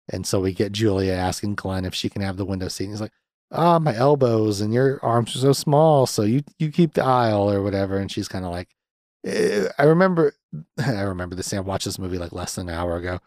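A man's voice: fairly low pitch, a little mellow, no echo, clean studio sound. Sardonic young man recapping a movie. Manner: sardonic, swears freely, frequent fillers. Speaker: podcast host reviewing a movie. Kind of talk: casual recap.

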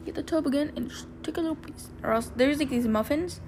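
A young woman with a slightly high voice hosts a casual podcast, telling a personal story in a loose, rambling way. She fills her sentences with "like" and briefly acts out what people said. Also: fast talker, darkish tone, slight background noise. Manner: rambling, heavy use of "like", acts out quotes. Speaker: podcast host.

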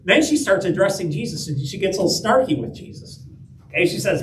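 A man's voice: sits high, big pitch swings, brisk, fairly bright tone, slight background noise. A man preaching a conversational sermon, often checking in with "right?" and "okay?". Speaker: pastor. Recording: echoey room, heard from a distance.

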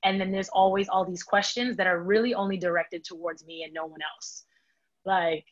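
A woman's voice: lowish voice, steady tone, normal speed, muffled recording. A young woman from the Bronx taking part in a casual discussion, speaking reflectively and thinking aloud with many filler words. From the Bronx, New York.

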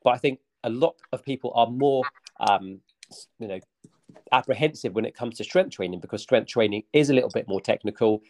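A man's voice: medium pitch, fairly quick, a little mellow. A man talking as a fitness coach guest on a podcast, upbeat and motivational, with many fillers. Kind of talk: casual podcast chat.

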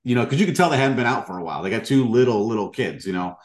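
A man's voice: mid-range voice, expressive, rapid-fire. A man hosting a casual interview, talking earnestly in a rambling way with many fillers. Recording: roomy echo.

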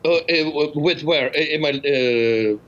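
A man from the Netherlands with a Dutch accent, a podcast guest telling animated stories and laughing often. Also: on the high side, slow. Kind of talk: casual chat. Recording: slightly muffled lo-fi recording.

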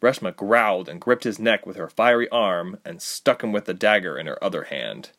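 A man narrating a fantasy audiobook with expressive storytelling. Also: fairly low pitch, moderate pace. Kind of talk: scripted narration.

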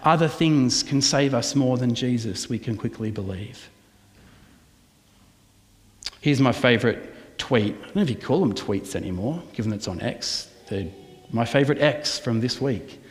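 A man preaching a sermon as pastor, lively with rhetorical questions and sometimes dropping his voice to a hush. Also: medium pitch, moderate pace. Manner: animated preaching with rhetorical questions, soft at times. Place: church hall. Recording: long reverb of a church hall.

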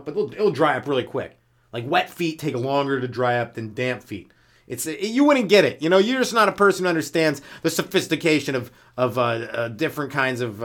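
A man doing a loose, rambling stand-up comedy monologue on his podcast, self-mocking and jumping into silly voices, with a smoker's cough. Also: a bit bright. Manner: loose and self-mocking, acts out silly characters in jumps of pitch.

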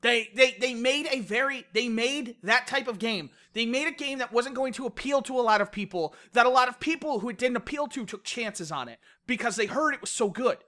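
A woman co-hosts a casual gaming podcast, her voice bright and clear. She talks in an animated way, laughs often and swears freely when she gets worked up. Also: a little high, a little fast, few pauses. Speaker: podcast co-host. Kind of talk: casual podcast rant about video games.

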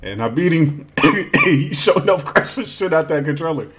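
A man's voice: fairly high pitch, lively intonation, fairly bright tone. A man telling stories in a casual chat with a friend, laughing a lot and acting out what others said. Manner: laughs a lot, slow drawn-out delivery, acts out quoted lines.

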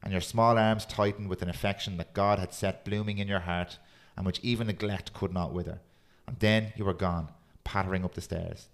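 A man hosting a podcast, chatting casually and reading a poem aloud in a steady, earnest way. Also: deep voice, normal speed. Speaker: podcast host.

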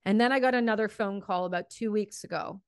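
The recording is dry and clean, studio-made, and the woman's medium-pitched voice is clear in tone and quick-paced. She hosts a podcast, speaking with fiery emotion and swearing freely, then interviews her guest.

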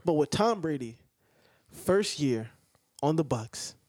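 A young man in casual podcast chat, laid-back and swearing freely. His voice sits high and swoops around a lot. The sound is close and dry. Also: animated, slow pace, a little mellow, slightly rough, no room sound. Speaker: podcast co-host.

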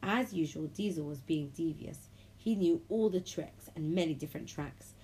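A woman reading a children's storybook aloud, lively and friendly, giving the characters their own voices. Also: low-pitched, moderate pace, slight background noise, rough recording. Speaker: children's audiobook reader.

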